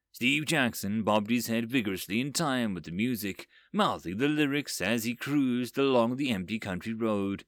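Expressive male story narrator. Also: mid-range voice, normal speed, hardly any pauses, dry recording, studio quality. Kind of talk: audiobook narration of sci-fi short stories.

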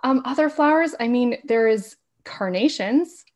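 A woman who is a podcast guest in a casual interview, talking fast and laughing often. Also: on the high side, lively intonation, darkish tone. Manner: talks fast with frequent laughs.

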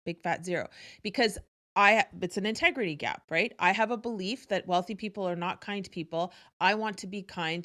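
A woman telling a personal story in a candid, energetic way, swearing freely. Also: fairly low pitch. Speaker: host. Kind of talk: casual storytelling to an audience.

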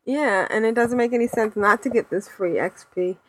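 With a slightly high, somewhat bright voice at a moderate pace, this podcast co-host chats casually, rambling along with fillers and laughs.

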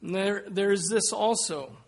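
A man preaching a sermon, slow and emphatic, dropping to a hush and rising to loud calls. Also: high-pitched, vocal fry. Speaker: pastor.

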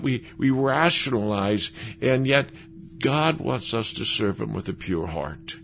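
A man preaching a sermon, lively and animated, acting out the voices of the people he quotes. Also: mid-range voice, unhurried, vocal fry, slight background noise.

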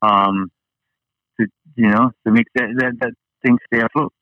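A man's voice: medium pitch, fairly even intonation, normal speed, no room sound, dull audio. A man from Hawaii, a guest chatting casually and rambling with many fillers and restarts. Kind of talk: casual interview chat.

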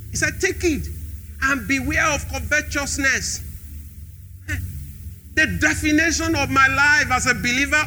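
A man's voice: very high voice, sharp tone. A man preaching a sermon in a church hall, repeating key phrases with emphasis.

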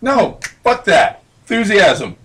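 A man's voice: high voice, sing-song, takes it slowly, fairly bright tone. A man co-hosting a casual podcast, bossing his friends around and joking with profanity. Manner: bossy, profane joker. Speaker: podcast co-host. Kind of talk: casual banter.

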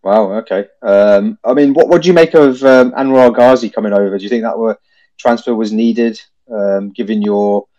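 A man's voice: lowish voice, moderate pace, dark tone, lo-fi sound. A man hosting a casual phone-in podcast, chatty, laughing easily and calling people mate, recorded on a phone. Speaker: podcast host.

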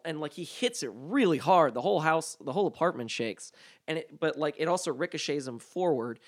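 A man in a casual podcast chat, telling long stories about his mother, full of "like" fillers and lively when he quotes people. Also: a little high, fairly quick, no echo, studio quality. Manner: rambling, lots of "like" fillers, animated when quoting people.

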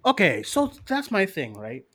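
A man's voice: high-pitched, measured pace, breathy edge, dry recording. A man co-hosting a casual live-stream show, reading listener questions, laughing often and cursing freely. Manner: animated, profane, laughs often, mocking voices.

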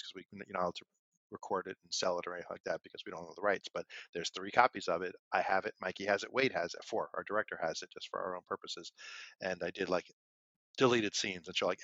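A man with a lowish voice co-hosts a podcast and tells a long story. He talks casually and wanders with fillers. The sound is muffled and dry. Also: pushed and bright, no room sound. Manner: rambling, with frequent fillers. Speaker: podcast co-host. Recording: dull, lo-fi and dry.

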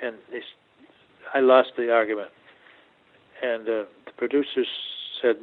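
An older man telling stories as an interview guest, halting often and repeating words as he goes. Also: medium pitch, steady tone. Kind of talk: storytelling interview. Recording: tinny phone-like line.

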